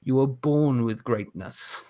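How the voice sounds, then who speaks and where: A man puts on a snobbish blue-blooded wrestling villain who lectures the crowd slowly and grandly. He sounds pompous and contemptuous, leaning hard on each word. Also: mid-range voice, mellow, close to an everyday voice. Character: haughty aristocratic heel wrestler, male, adult.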